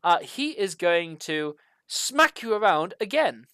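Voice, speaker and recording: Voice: mid-range voice, very animated, slow, a bit bright, clear, resonant tone, dry recording. This is a game master calling the turns of a tabletop session. The narration runs loose and is padded with fillers. The sound is dry, with no room around the voice. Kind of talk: running a tabletop game over voice chat.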